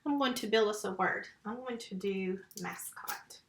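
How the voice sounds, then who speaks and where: A woman with a medium-pitched voice, speaking at normal speed, records a phonics lesson for first graders at home. She patiently goes through letters and syllables one by one into a computer microphone, in an echoey room.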